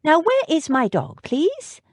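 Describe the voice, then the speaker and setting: A woman's voice: high voice, huge pitch swings, slow pace, no room sound, clean studio sound, voice pushed up, exaggerated voice. A woman voicing an earnest young lady, firm and eager, in an audiobook.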